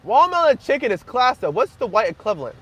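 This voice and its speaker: A young man hosting a casual livestream, joking crudely and half-yelling to be heard over loud background noise. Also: very high voice, big pitch swings, fast, breathy edge. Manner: crude joking, frequent laughter. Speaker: livestream host. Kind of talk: casual livestream chat with viewers.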